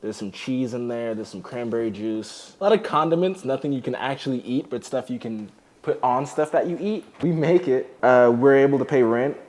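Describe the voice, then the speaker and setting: Showing off his own apartment, a young man who was formerly homeless talks casually and jokingly in a mid-range, slightly mellow voice. He speaks at normal speed with few pauses, relaxed and chatty, dropping "like" frequently.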